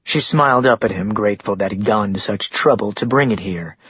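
A man narrating an audiobook in a steady storytelling manner. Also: fairly low pitch, fairly quick, slightly rough, no echo. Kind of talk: scripted narration. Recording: dull dry muffled recording.

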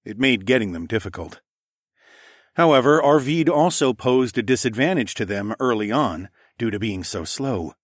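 A man narrating a first-person fantasy audiobook, lively and casual, giving the characters their own voices. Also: medium pitch, normal speed, no room sound, clean studio sound.

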